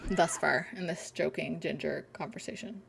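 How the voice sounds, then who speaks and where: Young woman streamer, casual and chatty, reads chat jokes aloud, giggles a lot; gravelly texture. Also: deep voice, normal speed, slight background noise. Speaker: game streamer.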